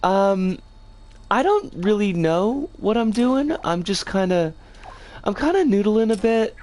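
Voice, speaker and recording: A game streamer chatting casually on a livestream, rambling with playful slang, their voice rough and scratchy today. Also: mid-range voice, animated, takes it slowly, a little mellow.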